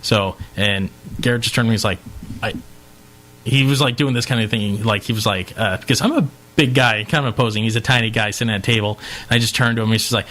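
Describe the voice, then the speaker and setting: A man co-hosting a podcast in casual chat, telling a long anecdote with lively acted-out quotes and some swearing. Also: lowish voice, quick pace. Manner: animated storyteller, acts out quotes, swears. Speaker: podcast co-host.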